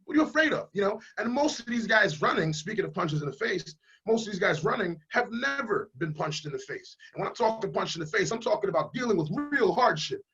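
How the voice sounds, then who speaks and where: A man's voice: high voice, big pitch swings, brisk, hardly any pauses, bright, forceful tone, breathy edge, dull audio. A man running for Congress who speaks emphatically and bluntly in a casual interview over a video call. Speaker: congressional candidate.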